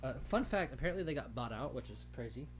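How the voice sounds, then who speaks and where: Lively young man rambling through a story. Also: mid-range voice, quick pace, slight background noise. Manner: rambling, laughs and jokes a lot. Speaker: podcast co-host. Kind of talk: casual chat.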